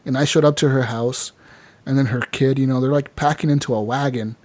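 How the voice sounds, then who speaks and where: A man co-hosting a casual gaming podcast, telling a game's story with lots of swearing and putting on quick voices for the characters. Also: medium pitch. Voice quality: animated storyteller, swears freely, acts out characters in quotes. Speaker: podcast co-host.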